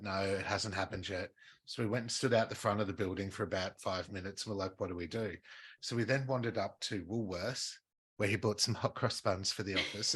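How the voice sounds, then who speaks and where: A podcast co-host with a low-leaning, slightly rough voice tells a story in casual chat. He's an animated storyteller who laughs often and acts out quotes.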